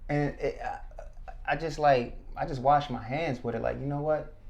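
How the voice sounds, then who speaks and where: A man, a former state trooper, telling his story as a podcast guest, animated and acting out what people said. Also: mid-range voice, a little slow, creaky. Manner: animated, acts out quotes. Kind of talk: casual storytelling.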